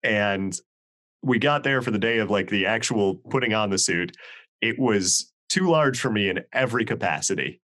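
A man's voice: lowish voice, normal speed. A man in his thirties, a podcast producer, telling a story in a casual video-call chat and acting out the people in it. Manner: animated, acts out the people in his stories. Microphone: video call mic.

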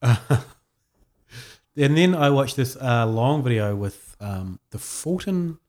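Co-hosting a laid-back podcast, a New Zealand-accented man talks slowly in a medium-pitched, darkish, animated voice. The conversation is rambling, packed with fillers and frequent laughter.

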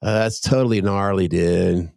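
A man's voice: on the low side, animated, normal speed, no room sound, clean studio sound. A middle-aged man hosting a podcast, chatting casually and swearing now and then, then reading the show's outro plug. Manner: laid-back, swears, reads outro plug. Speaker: podcast host. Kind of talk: casual chat.

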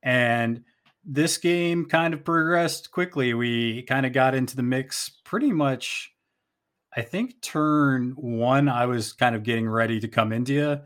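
A man's voice: medium pitch, measured pace, fairly bright tone, clean tone. A man co-hosting a podcast, casually asking questions and listing game pieces in an easygoing way. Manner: easygoing, asks questions, lists items. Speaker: podcast co-host. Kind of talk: casual game recap chat.

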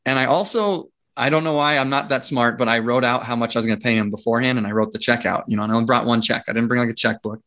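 A man, a guest in a casual interview, telling a story in a lively way, acting out the dialogue and laughing often. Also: mid-range voice, racing, few pauses. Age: adult with young children. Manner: frequent fillers and restarts. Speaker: interview guest, property investor.

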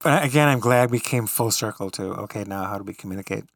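A man's voice: fairly low pitch, fast, fairly bright tone, no room sound, studio quality. A man co-hosting a podcast in casual chat, telling stories and laughing often. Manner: chatty storyteller who laughs often. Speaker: podcast co-host.

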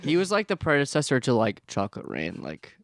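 Deadpan man joking with friends. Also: medium pitch, no echo. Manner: quick agreeing interjections, deadpan one-liners. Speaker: podcast co-host. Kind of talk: casual comedic chat.

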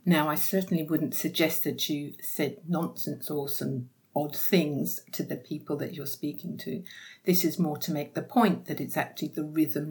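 A woman hosting an educational podcast on dementia care, explaining calmly and acting out sample dialogues. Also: low voice.

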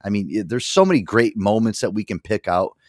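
Low-voiced, rambling male talk host. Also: animated, brisk, a little mellow, dry recording, studio quality. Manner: rambling, many fillers and restarts, laughs a lot. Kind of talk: casual chat.

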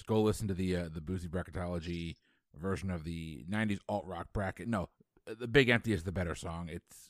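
Very low-voiced man, podcast co-host, opinionated and joking, dry sound. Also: fairly bright tone, no room sound. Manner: opinionated, joking, hesitant fillers. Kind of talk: casual podcast chat.

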